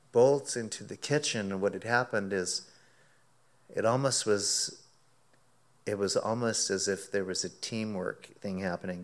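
Low-voiced man preaching through a story. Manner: animated storytelling, acts out his own quoted words. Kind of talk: sermon illustration told as a story.

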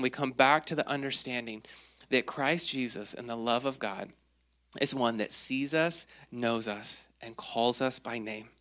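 A man in his thirties preaching a sermon, telling stories with lively acted quotes and frequent fillers. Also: mid-range voice. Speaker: pastor.

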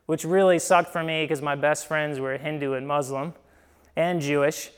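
A young Midwestern pastor from Ohio delivers a sermon like he's telling a story in conversation, often asking "right?" and shifting between emphatic bursts and quiet drops. His voice is slightly high and smooth, with fairly even intonation and a moderate pace.

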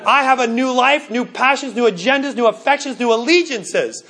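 A man preaching a sermon in an earnest way, slowing down for emphasis and often restarting his words. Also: very high-pitched, sharp tone. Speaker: pastor.

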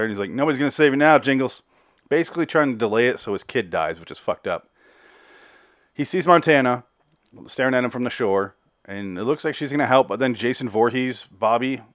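A fairly low-pitched man hosts a podcast where he reviews a TV episode casually, out of breath, profane, and rambling, with repeated words whenever he restarts. The recording is dry and of studio quality.

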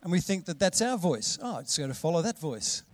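A middle-aged man, preaching a lively sermon and acting out voices with sudden loud calls. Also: fairly high pitch, a little fast, no echo. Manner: animated, acts out voices with big loud calls. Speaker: pastor.

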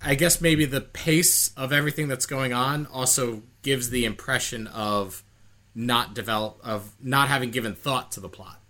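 A man's voice: mid-range voice, normal speed, pushed and bright. A man co-hosting a podcast, thinking aloud in a rambling way. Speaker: podcast co-host. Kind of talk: casual chat.

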